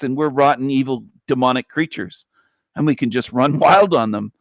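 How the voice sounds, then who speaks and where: A man delivering a live-stream monologue in an emphatic, preachy way, driving points home by repeating them. His voice sits at a medium pitch. The recording is dry, with no room sound. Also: normal speed, no room sound. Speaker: livestream host.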